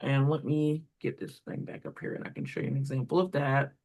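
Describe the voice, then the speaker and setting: A woman's voice: extremely low pitch, fairly even intonation, fairly quick, creaky, darkish tone. A woman walking through reading correction steps as a tutor trainer, explaining step by step with fillers while pointing at examples. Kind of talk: instructional walkthrough.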